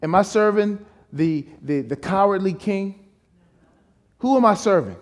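A male guest preacher with a voice pitched high for a man. He preaches emphatically and fires rhetorical questions at the room. He keeps calling on the congregation to answer back. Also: expressive, unhurried. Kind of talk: sermon.

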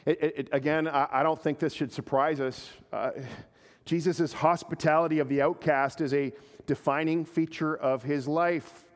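A man's voice: a little high, fairly even intonation. Earnest pastor man in a reverberant hall. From Canada. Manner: earnest, halting with repeated words. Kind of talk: sermon.

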